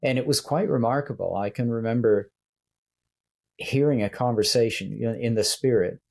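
An older man, reflecting on faith in a casual conversation as host, often pausing and restarting. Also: mid-range voice, creaky, darkish tone. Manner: reflective storyteller, hesitant with many restarts. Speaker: church leader and podcast host.

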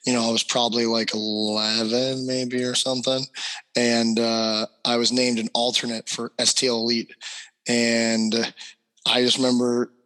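A man's voice: mid-range voice, flat delivery, measured pace, pushed and bright. A young adult man and hockey trainer, co-hosting a podcast and telling a personal story animatedly, with many fillers. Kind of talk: casual storytelling.

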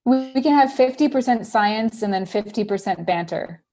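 A woman appearing as a guest scientist in a casual chat, giving updates in a relaxed, friendly, measured way. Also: mid-range voice.

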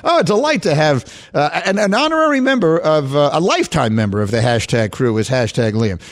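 Male sports talk host, animated and teasing, high and bouncy voice. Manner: animated, quick to laugh and tease.

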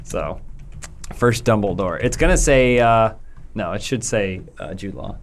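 A man's voice: fairly low pitch, unhurried, a little hiss or hum. A man co-hosting a podcast in casual chat, joking and riffing on trivia. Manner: joking, riffs on pop culture trivia. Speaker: podcast co-host.

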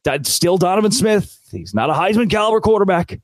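Fired-up sarcastic sports podcast host. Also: male voice, high voice, big pitch swings, a little fast, no room sound. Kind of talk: opinionated sports rant.

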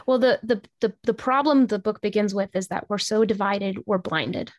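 A woman author, a guest on a podcast, explaining her ideas in a measured way. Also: mid-range voice, no room sound, studio quality. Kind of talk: interview answer.

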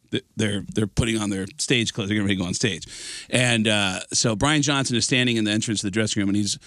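A man hosting a podcast, telling a comic story in an animated way with laughter through it. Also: fairly low pitch, no echo. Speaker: podcast host.

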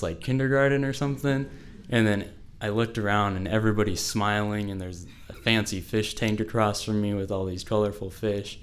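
A teenage boy telling a personal story to an audience, casual and full of "like.". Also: on the low side. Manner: casual, fills speech with "like".

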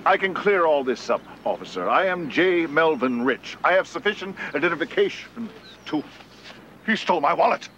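A pompous, self-important rich man, played by a man who talks down to everyone. His voice is a touch high and swoops about, and a faint hum sits behind it. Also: sing-song, normal speed, fairly bright tone, dull audio. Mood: haughty. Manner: pompous, lofty. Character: pompous rich banker man in bum's body.

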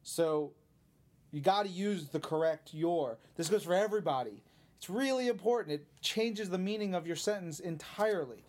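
Casual podcast host at a studio mic, mid-pitched, reads fan tweets and riffs loosely. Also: animated, moderate pace, darkish tone. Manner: chatty, laughs easily, riffs on questions. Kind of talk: casual podcast chat reading listener tweets.

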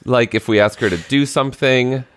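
A man in his thirties co-hosting a chatty podcast, telling a story thoughtfully with frequent pauses and restarts. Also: mid-range voice, fairly even intonation, fairly bright tone, slight background noise. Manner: reflective storytelling with many hesitations. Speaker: podcast co-host. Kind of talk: casual chat.

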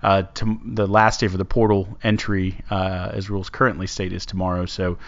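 A man with a fairly low voice hosts a casual sports talk show. His delivery rambles and halts as he works through his thoughts. The recording sounds dull and lo-fi. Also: flat delivery, moderate pace. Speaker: sports podcast host.

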